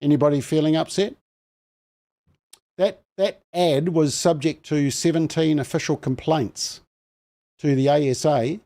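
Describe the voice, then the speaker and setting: New male host, self-deprecating, loose and chatty, slightly raised pitch. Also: fairly even intonation, a little slow, pauses often, mellow. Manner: chatty, self-mocking, rambling with fillers. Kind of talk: panel show chat.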